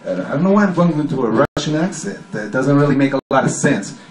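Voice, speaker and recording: A man's voice: medium pitch, expressive, lightly acted. A man playing a rambling, cranky radio host. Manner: halting and rambling, full of fillers and restarts; abrupt outbursts barking orders. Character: rambling, cranky male talk radio host, middle-aged. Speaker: comedy performer. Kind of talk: spoof talk radio monologue. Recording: echoey room with background noise.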